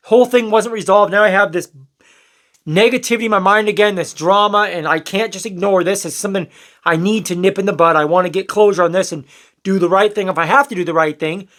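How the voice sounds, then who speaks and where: A man's voice: high-pitched, fast talker, a bit bright. A young man telling a personal story in a candid, rambling way, swearing now and then and acting out what people said. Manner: candid, rambling, swears, acts out quoted lines. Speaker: storyteller vlogger. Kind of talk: casual storytelling to camera.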